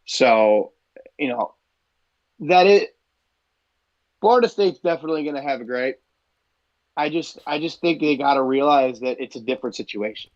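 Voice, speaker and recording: In a mid-range, animated voice at normal speed, a man co-hosts a sports talk show, pausing often. He argues back in the sports debate with hedges and plenty of "I mean", and the audio is lo-fi.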